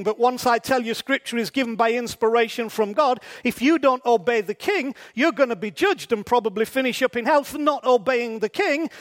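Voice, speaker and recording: A preacher with a strikingly high-pitched voice delivers a conversational sermon, frequently pausing to pose rhetorical questions to the congregation.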